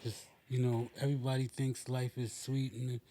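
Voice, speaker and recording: Podcast host guy, low key and steady, warm dark tone, reassuring. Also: moderate pace. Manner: calm and reassuring, short affirmations. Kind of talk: casual chat.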